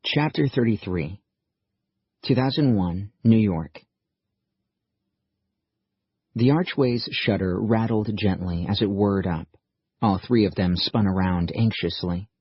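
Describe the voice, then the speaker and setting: A man reading an audiobook with steady narration. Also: on the low side, unhurried, husky, dry recording. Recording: muffled dull recording.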